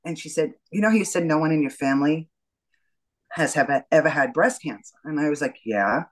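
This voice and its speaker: Speaking fairly quickly in a low-sitting voice, this middle-aged woman is a guest in an interview who animatedly recounts her story, performing the dialogue herself. It's a rough recording.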